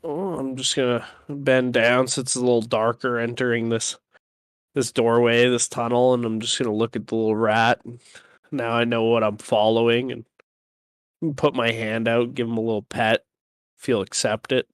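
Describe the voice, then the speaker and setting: A man's voice: mid-range voice, flat delivery, moderate pace, clear, resonant tone, dry recording. Man, player, casual tabletop chat, crude joking, dry close sound.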